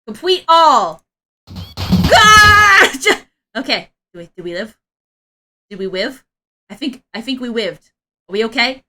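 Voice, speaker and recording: A woman's voice: a little high, lively intonation, normal speed, long pauses, fairly bright tone, slight background noise. A woman streamer in casual live-stream chat. She rambles and restarts often, and she laughs and shrieks a lot.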